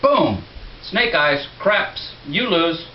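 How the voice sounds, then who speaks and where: A man doing a stand-up routine in a comedy club, telling a story in an easy, conversational way that leads to punchlines. His voice sits at a middle pitch. The recording is dull and roomy, with a faint hiss underneath. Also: animated, moderate pace, recorded from a distance.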